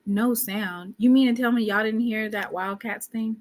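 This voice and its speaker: A woman hosting a casual live podcast, animated and joking with her viewers. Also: fairly high pitch, moderate pace. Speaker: podcast host. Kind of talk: casual livestream chat.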